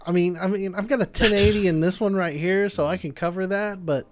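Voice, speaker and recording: A man's voice: sits high, brisk. A man co-hosting a casual gaming podcast, chiming in with enthusiastic interjections. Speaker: podcast co-host.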